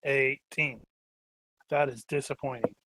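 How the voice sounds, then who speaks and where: A man's voice: medium pitch, steady tone, measured pace, noisy background. Wisecracking man at the gaming table. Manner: teasing, wisecracking. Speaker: player. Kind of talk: casual table banter.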